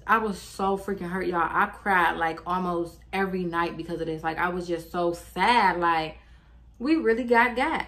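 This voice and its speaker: A woman in her twenties telling her viewers a story in a casual, animated, profane and slangy way. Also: on the low side, normal speed. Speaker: vlogger.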